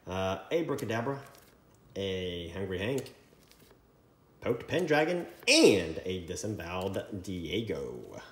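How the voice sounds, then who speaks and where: A man hosting a trading card break, reading out card names in a running list with quick asides. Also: lowish voice. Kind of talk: casual card-opening commentary. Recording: echoey room with faint noise.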